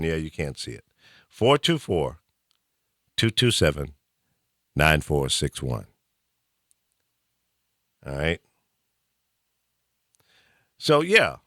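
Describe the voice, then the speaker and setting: A man's voice: low-pitched, fairly bright tone, no room sound, clean studio sound. A middle-aged man from the American South hosting a call-in talk show, ranting animatedly and preachily. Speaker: host.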